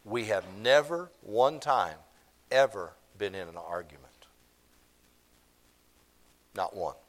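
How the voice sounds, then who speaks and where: A man's voice: fairly low pitch, expressive, slow pace. A man, preaching a sermon in church, repeating his points for emphasis. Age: 50s. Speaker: pastor.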